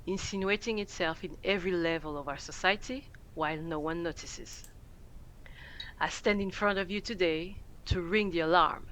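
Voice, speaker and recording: A woman's voice: fairly low pitch, fairly bright tone, a little hiss or hum, natural voice, low-quality recording. A woman voicing a solemn secret-order spokeswoman. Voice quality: solemn, measured delivery, drops to a whisper at times. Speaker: character giving a rallying speech. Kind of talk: pre-recorded dramatic speech.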